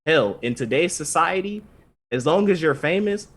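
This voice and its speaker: A man's voice: fairly high pitch, animated, moderate pace, a bit bright. Dude on a podcast, chill storytelling, does little voices for the characters when he quotes them. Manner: loose storytelling, acts out characters' lines. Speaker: podcast co-host. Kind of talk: casual anime recap chat.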